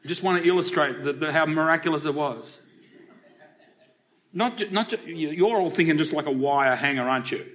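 A man's voice: on the high side, fairly quick, a bit bright. A middle-aged Australian man preaching a sermon to a congregation in church, talking in a chatty way and asking them questions as he goes. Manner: conversational, asks the congregation questions.

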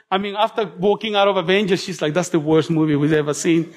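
Male preacher, high-pitched, lively and conversational, joking with the congregation, then quiet and prayerful. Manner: animated, chatty, humorous asides to the congregation; drops to soft, slow prayerful tones. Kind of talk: sermon. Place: church.

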